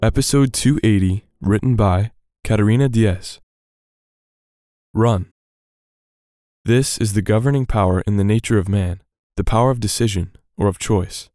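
A man's voice: on the low side, normal speed, hardly any pauses, warm tone, no room sound, studio quality, faint music behind. A young man reading a scripted devotional story in an earnest storytelling manner. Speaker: student devotional reader.

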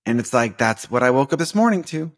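A man's voice: medium pitch, sing-song, fairly quick. Casual man musing on faith. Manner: conversational, many fillers and restarts. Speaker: podcast host.

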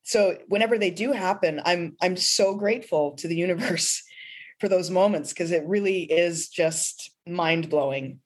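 A woman's voice: lowish voice, measured pace. A woman singer-songwriter talking in a heartfelt, emotional way during a podcast interview, often laughing. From pastor's kid.

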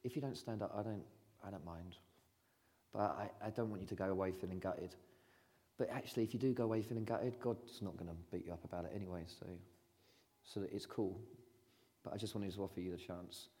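A man preaches from the front of a church, his fairly low voice carrying a long reverb through the hall. He talks in a casual, chatty way that turns gentle and pastoral. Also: steady tone, a little fast. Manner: chatty, laughing storyteller turning gentle and pastoral. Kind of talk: sermon.

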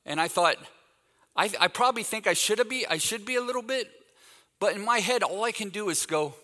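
A bright, fairly high-voiced man in his fifties preaches in a church hall, and his words ring out with a long reverb. He tells his stories in a lively way and acts out the back-and-forth of each conversation. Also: fairly quick. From Texas. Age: 50s. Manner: animated anecdotal storytelling, acts out quoted dialogue. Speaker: guest speaker. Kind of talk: sermon with storytelling.

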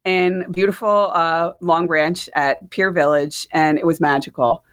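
Woman, New Jersey accent, middle-aged, podcast host, lowish voice, rambling chat. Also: steady tone, a little slow, smooth. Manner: chatty, rambling, laughs often. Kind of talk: casual chat.

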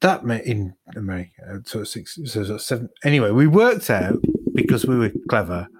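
A man's voice: on the low side, very animated, a little fast, darkish tone, breathy edge. A man telling a rambling, self-mocking story in casual chat with friends.

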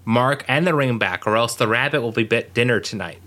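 A man's voice: mid-range voice, brisk, bright, forceful tone. A man co-hosting a podcast, recapping a show in casual chat and rambling with many fillers. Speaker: podcast co-host.

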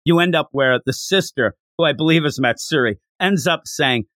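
A man hosting a casual anime review chat, acting out characters' lines in quick, animated bursts. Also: on the high side, no echo, clean studio sound. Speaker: anime review podcast host.

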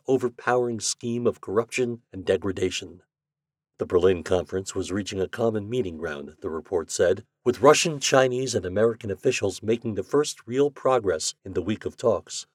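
Male audiobook narrator, husky tone, lively intonation, dry close sound. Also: lowish voice, no room sound. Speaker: podcast host and narrator.

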